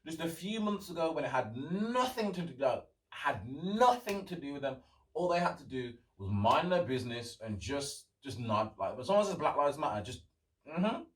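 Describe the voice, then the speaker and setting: A young man hosts a solo podcast in loose, rambling chat. His pitch sits in the middle, and he gets sarcastic and swears when he rants. The mic sits some distance from him, so his voice sounds slightly removed. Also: very animated, moderate pace. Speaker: podcast host.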